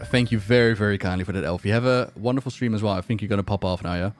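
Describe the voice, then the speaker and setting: A man chatting casually while streaming a game, animated and laughing often. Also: lowish voice, racing, faint music behind.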